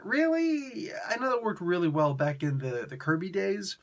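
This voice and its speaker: A young man hosting a casual review, talking in an animated, sarcastic and exasperated way with slangy asides. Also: on the high side, a little fast. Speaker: comic book reviewer.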